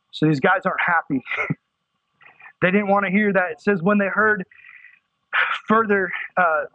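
A man with a drawl preaches with animated, climbing emphasis. His voice sits high and a little husky. The sound is dry and somewhat muffled, with little sparkle. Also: no room sound. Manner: animated, rising to excited emphasis. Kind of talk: sermon.

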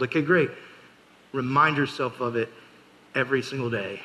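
A man's voice: mid-range voice, normal speed, pushed and bright, poor audio. A man preaching a casual youth sermon, chatty and storytelling, full of fillers and joking asides. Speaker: youth pastor.

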